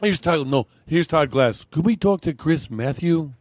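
A man's voice: fairly high pitch, lively intonation, measured pace, a little mellow, no room sound. Giggly man, comedy podcast guest.

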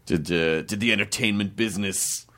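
A man hosting a casual talk show, asking questions in a joking, animated way. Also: fairly low pitch. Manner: animated, joking, quick asides. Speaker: podcast host. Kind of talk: casual chat.

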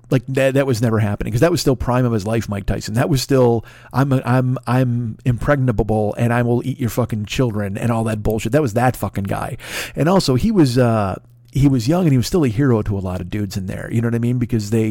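A man's voice: mid-range voice, a little mellow, no room sound, clean studio sound. A man ranting profanely in a comedic podcast monologue, full of swearing, laughs and restarts. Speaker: podcast host.

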